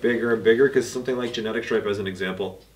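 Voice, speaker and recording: A man's voice: on the low side, steady tone, rapid-fire. A laid-back man from Canada, speaking as a panel guest in a casual round-table chat, laughing easily and trailing off. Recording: voice picked up from a distance.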